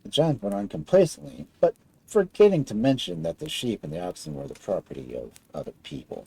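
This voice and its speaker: Gravelly man reading a fairy tale. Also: brisk, dry recording, poor audio. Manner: expressive storybook reading with wide swings in pitch. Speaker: storyteller.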